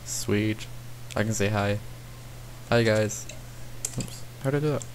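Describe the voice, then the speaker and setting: Rambling young gamer. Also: male voice, fairly low pitch, measured pace, slight background noise. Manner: rambling, self-mocking, talks to himself while playing. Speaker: gaming channel host. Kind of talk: casual let's-play commentary.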